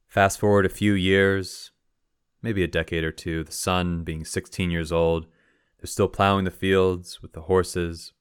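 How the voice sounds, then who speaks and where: A man calmly telling a parable on his podcast, asking his listeners rhetorical questions along the way. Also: deep voice, clean tone, no room sound, studio quality. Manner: calm, measured, rhetorical questions. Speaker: podcast host. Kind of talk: storytelling a parable.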